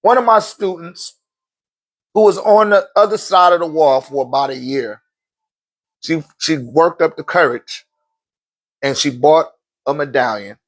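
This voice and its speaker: This spiritual teacher has a voice on the high side and speaks unhurriedly, pausing often. He tells stories in casual teaching talk, animatedly acting out quotes and laughing a lot.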